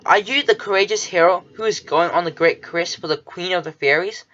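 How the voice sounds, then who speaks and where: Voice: mid-range voice, a little fast, a bit bright, highs cut off, lightly acted. A reader voicing a small, devoted male cockroach who speaks earnestly and wistfully.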